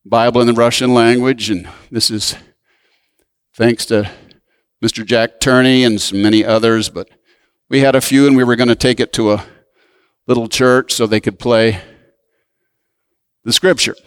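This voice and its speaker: A man preaching a sermon and telling a story, swinging from raised, emphatic lines down to hushed asides. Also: mid-range voice, steady tone, normal speed, long pauses, clear, resonant tone, no echo.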